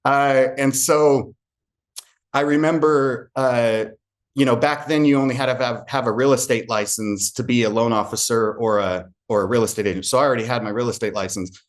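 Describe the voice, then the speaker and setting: A man's voice: mid-range voice, fairly even intonation, moderate pace. A man who works as a real estate agent tells an earnest personal story to a group and acts out remembered conversations.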